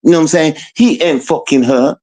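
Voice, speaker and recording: A man's voice: fairly quick, mellow. Mocking British man on a rant. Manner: mocking, confrontational, swings between raised and low muttered delivery. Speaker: streamer. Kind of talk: ranting livestream monologue.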